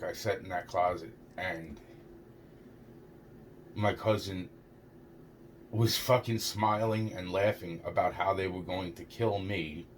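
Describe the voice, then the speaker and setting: His pitch fairly low, a young man meanders through something that happened to him, fumbling words, repeating "it's like," and dropping frequent swear words. The audio carries a little hiss or hum.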